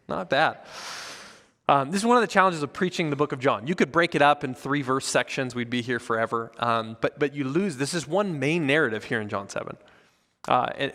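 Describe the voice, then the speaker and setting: Animated preacher in a reverberant hall. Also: male voice, medium pitch. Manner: animated, acts out voices of the crowd. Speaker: pastor. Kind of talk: sermon. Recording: church hall with long reverb.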